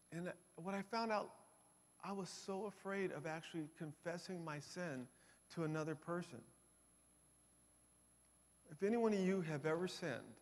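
A middle-aged man speaking at a conference, giving an emotional testimony that swings from hushed to loud. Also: a little high, vocal fry. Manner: emotional, builds from quiet to loud. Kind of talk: testimony talk. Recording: long hall reverb.

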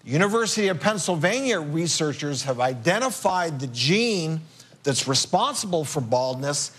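A man with a slightly raised pitch co-hosts a television talk show. He delivers the news and reacts in an upbeat, easygoing way. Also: very animated, moderate pace, a bit bright, slightly rough. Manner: upbeat, conversational. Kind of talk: studio talk.

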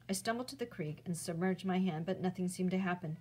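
A woman, a teacher, reading a chapter book aloud in a clear, steady storytelling voice. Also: lowish voice, fast talker, rough recording.

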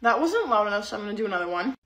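A woman's voice: mid-range voice, very animated, very fast, fairly bright tone. A young woman making a comedic phone vlog at home, giggly and dramatic, squealing in mock pain. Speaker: comedy content creator.

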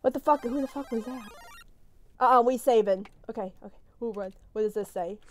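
A woman's voice: a little high, fairly quick, faint music behind. Jumpy, swearing woman gamer. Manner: jumpy, swears a lot, talks to the game characters. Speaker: let's play gamer. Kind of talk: live gameplay commentary.

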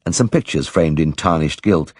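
A man narrating an audiobook in a measured, gently wry storytelling manner. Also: very deep voice, lively intonation, breathy edge, no echo, clean studio sound. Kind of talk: scripted narration.

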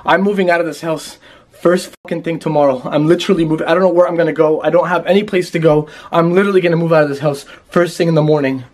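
A man's voice: on the high side, fairly even intonation, quick pace. A man vlogging from inside his house at night, frightened, swearing and repeating himself to his viewers on a handheld camera. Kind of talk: paranormal vlog, addressing viewers. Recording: loud music over the voice.

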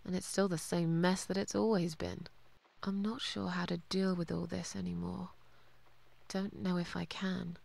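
An actress playing a weary, bitter cat lady, low and brooding. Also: flat delivery, normal speed, gravelly, a little mellow.

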